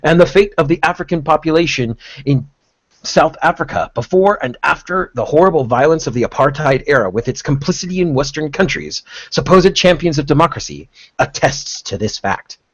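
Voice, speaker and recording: A man's voice: on the high side, expressive, brisk, no echo, low-quality recording. Dry-voiced man reading aloud, sarcastic. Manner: sarcastic, stops to comment and laugh. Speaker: podcast host reading an article aloud. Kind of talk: reading aloud with mocking asides.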